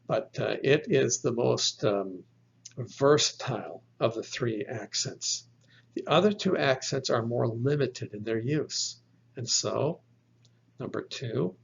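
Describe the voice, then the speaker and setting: Slow, gravelly-voiced man teaching Greek. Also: mid-range voice. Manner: methodical, spells out letters one by one, corrects his own slips. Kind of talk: slow explanatory lesson. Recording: dull lo-fi recording.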